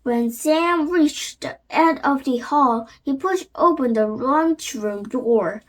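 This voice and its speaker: Slowly and carefully, a woman with a high voice reads a kids' chapter book for her channel, often halting and beginning lines again. Korean is her first language.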